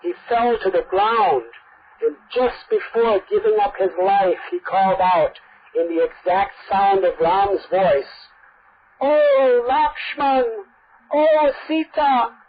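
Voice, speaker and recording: A woman's voice: medium pitch, steady tone, measured pace, slight background noise. A woman telling a devotional story in a vivid, emphatic way. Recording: dull lo-fi recording.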